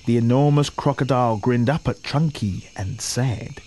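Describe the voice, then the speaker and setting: A man reading a children's story aloud in a lively, expressive way, with a slightly breathy voice. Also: mid-range voice, normal speed, hardly any pauses.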